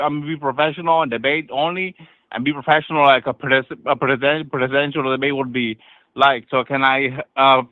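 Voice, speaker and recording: A man's voice: on the high side, no room sound. A man calling in to a live stream who rambles, stops short and repeats himself. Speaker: caller. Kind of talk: rambling phone call. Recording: dry tinny phone line.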